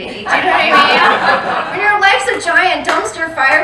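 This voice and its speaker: A woman's voice: high voice, expressive, normal speed, heavy background noise. A woman doing a stand-up comedy set on a club stage, chatty and profane as she confides in the crowd. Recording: roomy live club sound from a distant mic, loud crowd.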